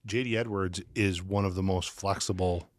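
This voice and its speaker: Man, deep voice, measured explainer, podcast guest, dry close sound. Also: steady tone, no room sound.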